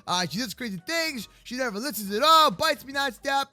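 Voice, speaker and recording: A man hosting a playful Minecraft roleplay video, excitable and joking, full of slang. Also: very high voice, a little slow, long pauses, no room sound, faint music behind. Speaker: roleplay host.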